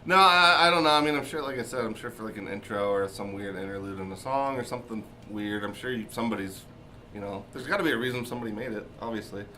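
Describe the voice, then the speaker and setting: A man's voice: lowish voice, quick pace, sharp tone, a little hiss or hum. A man co-hosting a casual podcast, bantering goofily and full of fillers like "like" and "yeah". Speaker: co-host. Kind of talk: casual chat.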